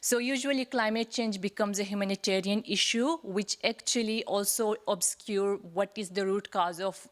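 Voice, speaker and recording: A woman in the audience puts an earnest, drawn-out question to a panel. She sits at a middle pitch and keeps pausing, restarting and apologizing as she goes. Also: fairly even intonation. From Pakistan. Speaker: audience member asking a question.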